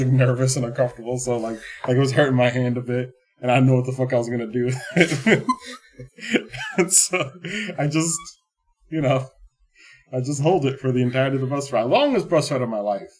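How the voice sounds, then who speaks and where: This man's voice is medium-pitched with a darkish tone. Co-hosting a podcast, he rambles through a story in relaxed chat, cursing freely and laughing along the way.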